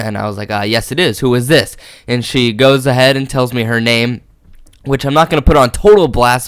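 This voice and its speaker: A man's voice: mid-range voice, fairly bright tone, clear, resonant tone, no room sound, clean studio sound. A young man, a gaming YouTuber, tells a story in a casual, rambling way, full of "uh" and "like" and chuckling as he goes.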